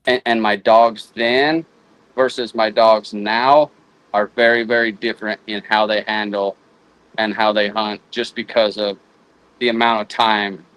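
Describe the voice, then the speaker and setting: A man's voice: lowish voice, flat delivery, fairly bright tone, clear, resonant tone, rough recording. A man in a casual chat, often restarting and repeating words as he works out his thought. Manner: halting, repeats words while thinking. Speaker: guest houndsman.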